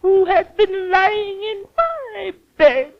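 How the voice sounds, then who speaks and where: A woman's voice: very high-pitched, sing-song, takes it slowly, heavily acted. A woman voicing a fussy mama bear in an old cartoon, wailing near tears. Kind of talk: 1930s cartoon voice acting. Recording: dull old cartoon soundtrack with faint hiss.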